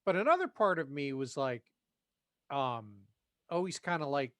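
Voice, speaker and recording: A man's voice: on the high side, animated, normal speed, a bit bright, no echo, studio quality. A man co-hosting a podcast in casual chat, talking in a hesitant, self-deprecating way. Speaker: podcast co-host.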